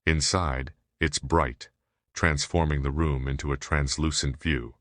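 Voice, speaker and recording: A man reading an audiobook aloud in a steady, measured narration. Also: a bass voice, no echo, studio quality. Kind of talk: scripted narration.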